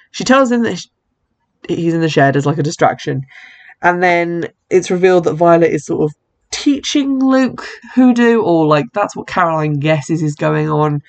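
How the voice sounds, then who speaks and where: Chatty film recap host, wry asides, mid pitch voice, keeps correcting themselves. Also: creaky. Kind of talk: casual film recap narration.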